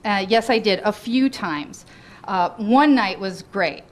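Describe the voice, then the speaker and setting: A woman's voice: mid-range voice, lively intonation, slow. A woman reading her own memoir aloud to a live audience in a bookstore, often breaking into laughter between lines. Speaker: guest reader at a book reading.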